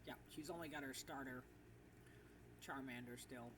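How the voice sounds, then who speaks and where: A woman's voice: extremely low pitch, normal speed. A woman streamer rambling casually while she plays a game, with lots of fillers, in an echoey room. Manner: rambling and chatty with many fillers. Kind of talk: casual livestream chat while gaming. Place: room with echo. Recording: echoey far-off mic with background noise.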